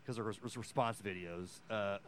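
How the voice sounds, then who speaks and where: Loud, rambling man chatting on a podcast. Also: fairly low pitch, moderate pace. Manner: loud, rambling, with many fillers. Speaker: podcast co-host. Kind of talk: casual chat.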